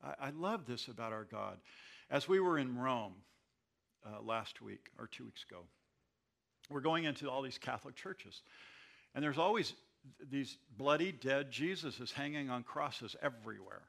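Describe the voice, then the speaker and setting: A pastor preaching a sermon in his church, swinging between loud declarations and quiet, confiding asides. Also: medium pitch, animated, normal speed, creaky.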